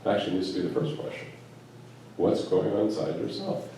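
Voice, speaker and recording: With a warm, fairly low voice, this man talks fairly quickly and very animatedly, addressing a live audience on spiritual matters through stories, quoted exchanges, and rhetorical questions. He is from the United States and works as both a spiritual teacher and a physician. The mic picks him up from a distance in a large, echoing event room, with faint noise behind him.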